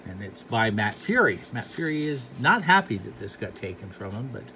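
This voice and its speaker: A man's voice: lowish voice, very animated, normal speed, bright, forceful tone, slight background noise. Rambling, unimpressed male reviewer. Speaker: comic book reviewer. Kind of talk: casual commentary.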